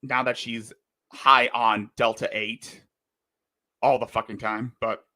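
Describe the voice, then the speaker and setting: A man's voice: medium pitch, little pitch movement, takes it slowly, sharp tone, no echo. A man in a heated, profane commentary rant, lurching between fury and apology. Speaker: livestream commentator. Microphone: desk microphone.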